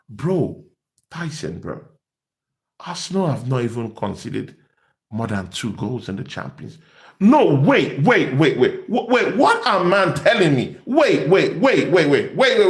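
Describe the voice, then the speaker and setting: A man giving an animated football fan rant, excitable and taunting, often repeating his words. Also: fairly high pitch. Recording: echoey room.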